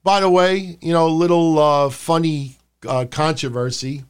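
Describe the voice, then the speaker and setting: A man hosting a wrestling review podcast, talking casually and rambling, swearing freely and dropping into shouted impressions. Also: a little high, steady tone, a little slow, clean tone. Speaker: podcast host.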